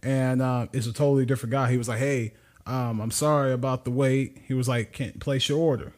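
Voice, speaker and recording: A man's voice: medium pitch, fairly quick. A man co-hosting a podcast, telling a story in casual chat, laughing often and acting out the people he quotes. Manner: animated, laughing storyteller who acts out quotes. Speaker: podcast co-host.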